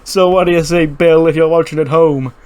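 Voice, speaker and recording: A man voicing a brash, boastful male pro wrestler champion with a loud hype-promo delivery. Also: on the high side, steady tone, fairly quick, voice pushed up, close to an everyday voice.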